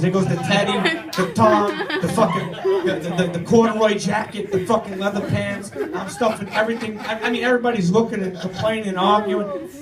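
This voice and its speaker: A middle-aged man telling a stand-up story on stage, rambling and profane, with stammered restarts. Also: high-pitched. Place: comedy club stage with audience. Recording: echoey room, recorded from far off.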